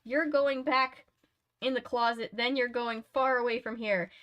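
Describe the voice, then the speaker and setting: A woman's voice: high-pitched, steady tone, brisk, lo-fi sound, pitched above the performer's own voice, close to an everyday voice. Woman reading a freaked-out boy, pleading and panicky. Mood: panicked. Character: frightened boy, the story's narrator.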